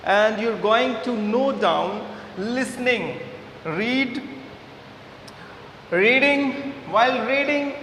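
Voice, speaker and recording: A male teacher with an Indian English accent gives a slow, halting classroom lesson, stopping often on fillers and repeating his words. His voice sits fairly high for a man. It is recorded in a reverberant hall with faint background noise. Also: pushed and bright.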